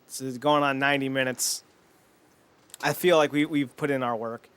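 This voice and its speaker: A man co-hosting a podcast, excitable and mocking in casual chat. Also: medium pitch, smooth, no echo. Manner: excitable, mocking, quick to laugh. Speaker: podcast co-host.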